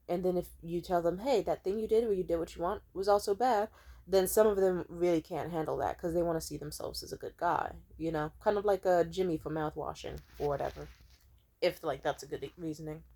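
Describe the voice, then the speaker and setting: Profane young woman ranting heatedly. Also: on the low side. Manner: fast, profane, heated storytelling with quoted dialogue. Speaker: vlogger. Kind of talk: venting rant to camera.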